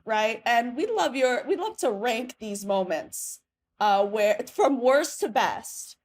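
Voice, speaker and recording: A young woman from Manhattan co-hosting a podcast in a casual, excited, giggly way. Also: on the high side, a little slow. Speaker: podcast co-host. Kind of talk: casual chat.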